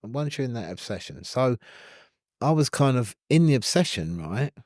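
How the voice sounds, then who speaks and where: A man's voice: medium pitch, sing-song, moderate pace, darkish tone, no echo, clean studio sound. A man, a podcast guest telling his story in a candid, rambling way with many "you know what I mean"s.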